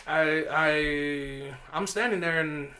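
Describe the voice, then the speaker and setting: A man co-hosting a podcast, telling a profane, animated story and acting out the voices of the people in it. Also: a little high, slow, a little hiss or hum. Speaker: podcast co-host. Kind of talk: casual storytelling chat.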